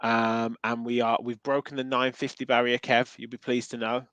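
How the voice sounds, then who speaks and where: A man's voice: medium pitch, little pitch movement, normal speed, fairly bright tone, clear, resonant tone, dry recording, lo-fi sound. A man with a Midlands accent hosting a casual football podcast, chatting and reading out viewer comments with plenty of ums. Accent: English Midlands. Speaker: podcast host.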